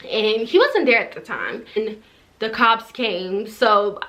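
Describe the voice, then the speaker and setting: A woman's voice: fairly high pitch, lively intonation, slow, fairly bright tone. Chatty young woman telling a personal story. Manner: casual, heavy use of "like", emotional and tearful in places. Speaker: vlogger. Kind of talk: story time vlog.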